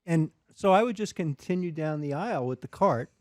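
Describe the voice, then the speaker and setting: A man's voice: fairly high pitch, normal speed, no room sound, clean studio sound. A middle-aged man, a father, telling family stories in a casual chat and acting out the voices. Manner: animated storyteller, acts out voices.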